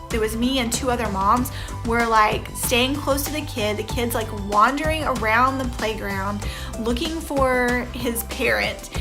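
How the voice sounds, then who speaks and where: A woman in her thirties giving a chatty, rambling reaction commentary as a vlogger, full of "you know" fillers. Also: fairly high pitch. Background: background music.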